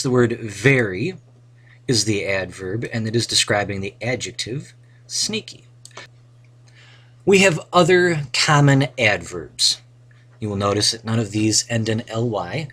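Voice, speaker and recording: Husky, animated male teacher. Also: lowish voice, unhurried, long pauses. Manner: playful, reads example sentences with dramatic flair. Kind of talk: recorded grammar lesson narration.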